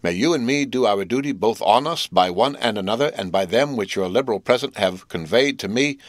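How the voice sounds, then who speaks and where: A kindly, simple blacksmith, as a male audiobook reader puts him on, fumbling for grand words in a rustic country way. His voice is lifted a little from a low natural tone. The recording is dry and close, with no room sound. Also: animated, no echo, natural voice. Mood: earnest. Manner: rustic, halting, formal-trying speech. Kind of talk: audiobook reading.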